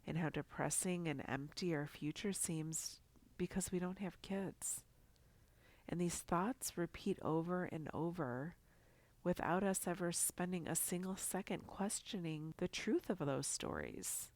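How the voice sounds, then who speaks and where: A middle-aged woman hosting a podcast, speaking calmly and encouragingly in a congested, nasal voice. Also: on the low side, no room sound. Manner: calm, encouraging coaching tone. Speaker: podcast host. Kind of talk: scripted podcast talk.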